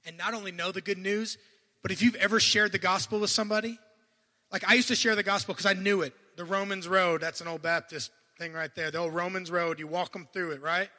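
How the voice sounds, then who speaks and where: Brief: male preacher, very bright and sharp tone, animated delivery with loud bursts and hushed asides, stumbles and restarts. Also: sits high, a little fast, in a large hall. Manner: admits to stuttering and restarting. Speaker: guest preacher. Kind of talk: sermon.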